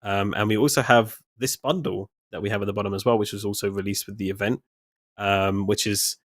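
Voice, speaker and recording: A man's voice: fairly low pitch, fairly even intonation, brisk, a bit bright, dry recording, clean studio sound. A man co-hosting a casual live stream, upbeat and addressing chat directly. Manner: upbeat, talks to chat, promotional. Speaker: community host.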